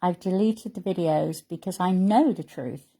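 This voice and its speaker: A woman's voice: on the low side, moderate pace, warm tone. A middle-aged woman vlogger chatting casually to camera in a heartfelt, rambling way and reading her poems aloud.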